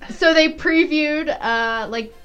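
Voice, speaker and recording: A woman's voice: high voice, slow, fairly bright tone, highs cut off, soft background music. A woman co-hosting a podcast in casual chat, tossing in playful, jokey asides. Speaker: podcast co-host.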